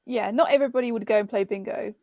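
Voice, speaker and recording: A woman's voice: a little high, fast, creaky, darkish tone, no echo, clean studio sound. A British woman chatting easily as a guest in a casual conversation. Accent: British English. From England. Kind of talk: casual chat.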